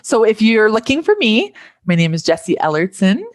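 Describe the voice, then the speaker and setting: A woman's voice: mid-range voice, big pitch swings, moderate pace, no room sound, clean studio sound. A woman life coach speaking as a podcast guest, earnest and thinking aloud with plenty of fillers. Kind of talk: casual conversational interview.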